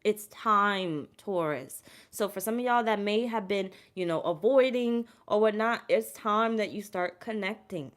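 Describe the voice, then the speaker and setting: A woman with a drawl doing a casual tarot reading for her viewers. Her voice sits at an ordinary middle pitch, and she speaks to them in a loose, chatty way. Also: measured pace, hardly any pauses. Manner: chatty, emotional, addresses viewers as y'all. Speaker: tarot reader.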